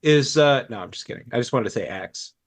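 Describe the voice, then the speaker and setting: A man's voice: mid-range voice, lively intonation, fairly quick, slightly rough. A man co-hosting a casual tech podcast, cracking sarcastic jokes. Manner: joking, sarcastic. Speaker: podcast co-host. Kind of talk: casual chat.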